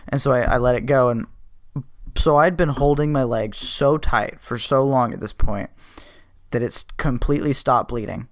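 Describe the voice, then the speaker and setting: A podcast host with a mid-range voice tells a personal story at a moderate pace, recorded without echo. He's blunt, profane and casual, restlessly retelling things while stumbling over and correcting his words.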